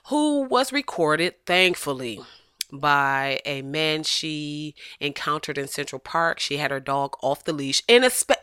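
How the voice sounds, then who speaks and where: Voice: medium pitch, bright, forceful tone, clean tone, no echo, studio quality. A vlogger ranting in blunt, profane commentary, speaking emphatically and swearing freely.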